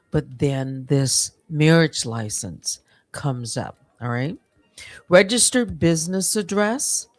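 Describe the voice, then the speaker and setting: A woman hosting a livestream, reading through emails and commenting in a deliberate, measured way with many pauses. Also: sits low, dry recording. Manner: deliberate, measured, pausing often. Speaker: livestream host.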